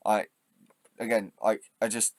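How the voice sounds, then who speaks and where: A man hosting his own channel, delivering a passionate, swearing rant that drops to quiet musing and then flares up loud, with halting restarts when he thinks aloud. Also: lowish voice, level tone, no echo. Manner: swearing, impassioned, swings between quiet and loud. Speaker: channel host. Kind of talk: ranting vlog monologue.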